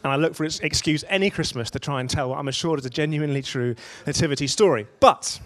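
A man's voice: fairly high pitch, fast, a bit bright. Man preaching with a conversational ease. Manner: conversational storytelling with rhetorical questions. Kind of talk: sermon.

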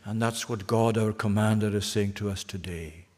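A pastor preaching a sermon, earnest, putting repeated questions to the congregation. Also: male voice, fairly low pitch, steady tone, normal speed, a little mellow, long reverb tail. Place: church.

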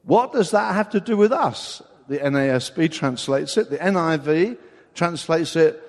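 A pastor preaches a sermon, explaining a Bible passage in an expository way and posing rhetorical questions. His voice is on the high side and expressive, at a moderate pace. A long hall reverb surrounds the recording.

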